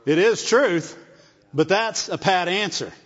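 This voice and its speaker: A preacher with a fairly high, slightly bright voice delivers a sermon slowly, checking in with listeners through call-and-response asides and repeating phrases to build his point. A long reverb from a large hall surrounds him, and the sound is dull and muffled.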